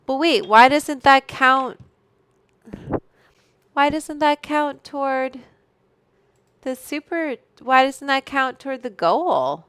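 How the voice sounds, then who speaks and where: A woman's voice: sits high, expressive, slow pace, long pauses, fairly bright tone. A woman hosting a casual livestream from home, chatting in a rambling way, reading out viewer names and swearing freely into a studio microphone. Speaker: livestream host. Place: room at home.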